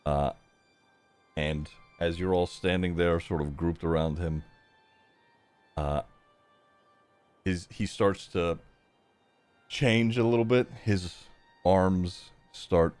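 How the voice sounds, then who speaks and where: A man's voice: low-pitched, steady tone, slow, long pauses, a little mellow, clear, resonant tone, faint music behind. A man narrating a tabletop game as game master, hesitant, with many fillers.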